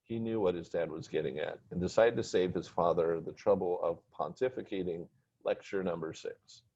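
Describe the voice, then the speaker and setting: A man reading a story aloud in plain, steady narration. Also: deep voice, normal speed, husky. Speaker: story reader. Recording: dull lo-fi recording.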